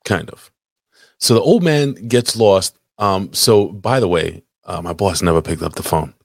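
Deep-voiced man telling a rambling story. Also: a little slow, vocal fry, no room sound, clean studio sound. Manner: rambling storyteller, swears a lot. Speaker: podcast host. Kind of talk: casual crude chat. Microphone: desk mic, live stream.

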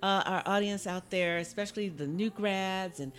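A woman's voice: medium pitch, normal speed. A woman hosting a podcast, chatting casually and affirming her guest, laughing often. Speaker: podcast host. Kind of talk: casual chat.

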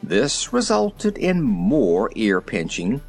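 Lively storybook narrator. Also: medium pitch, slow pace, vocal fry, husky, soft background music. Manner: lively, expressive. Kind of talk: storybook reading.

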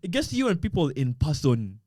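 Young guy on a podcast, kinda high voice, tells it big w/ lots of bruh, super dry sound. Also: brisk, no room sound. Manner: animated storyteller, slangy, acts out quotes. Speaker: podcast co-host. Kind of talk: casual podcast chat.

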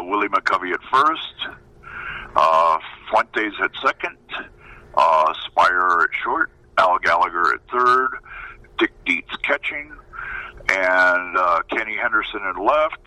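A man in his seventies, a former pitcher, telling a story animatedly in a radio interview, acting out other people's voices. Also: low-quality recording. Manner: lively storyteller, acts out quoted voices. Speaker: former baseball pitcher, guest.

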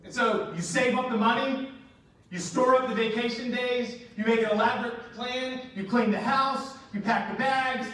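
A man preaching a sermon as pastor, telling stories with humor and turning to quiet, earnest appeals. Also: extremely high pitch, fairly even intonation, normal speed. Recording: echoey hall, mic at a distance, faint noise.

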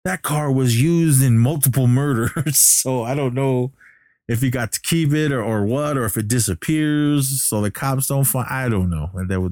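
A man's voice: mid-range voice, a little mellow, dry recording, studio quality. A man casually retelling a movie plot, rambling with lots of fillers. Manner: rambling, filler-heavy storytelling.

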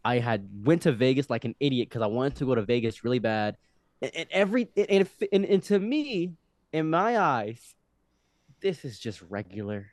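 Podcast guest, man in his 20s, animated rambling storyteller, lively pitch, dry close recording. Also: moderate pace, no echo. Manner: animated, rambling, frequent restarts. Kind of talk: casual storytelling.

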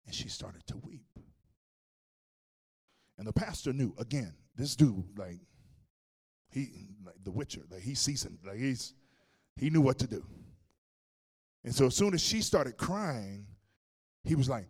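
Animated male preacher telling a story. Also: medium pitch, a little slow, pauses often, breathy edge. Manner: animated storytelling, swinging from loud to hushed. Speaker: pastor. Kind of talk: sermon.

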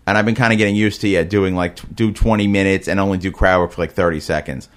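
A man with a Brooklyn-Queens New York accent talks in a very low register. He chats casually about comedy, halting often and filling gaps with "like" and "um". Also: steady tone. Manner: hesitant, halting with many fillers. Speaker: comedian guest. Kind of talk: casual chat.

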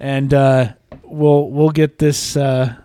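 A man's voice: mid-range voice, flat delivery, takes it slowly, mellow, dry recording. A man co-hosting a casual podcast, joking and bantering with his friends. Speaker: podcast co-host. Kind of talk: casual chat.

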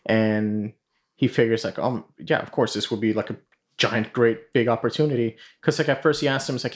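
A man's voice: medium pitch, fairly even intonation, moderate pace. A man hosting a podcast, casually retelling a story in a rambling way full of fillers and swearing. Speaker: podcast host.

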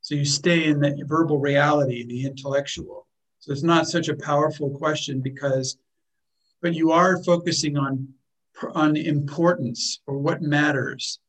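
A man teaching a workshop group in a calm, explanatory way, often repeating words as he thinks. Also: fairly high pitch, measured pace, poor audio. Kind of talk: teaching a group, with acted example lines.

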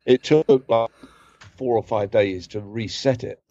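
A man's voice: fairly low pitch, unhurried, warm tone, dry recording, highs cut off. A middle-aged man from England with a London accent, a guest telling rambling film-set stories and correcting himself as he goes. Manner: rambling, self-correcting, acts out quotes in other voices. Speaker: guest, film assistant director. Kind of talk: casual anecdotal storytelling.

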